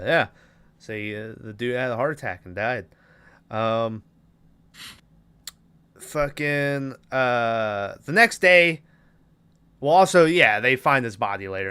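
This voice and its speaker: A young man hosting a podcast, casually recapping a movie plot with loose, profane storytelling and quick character voices. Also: medium pitch, bright, forceful tone, clear, resonant tone. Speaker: podcast host recapping a film. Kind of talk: casual chat.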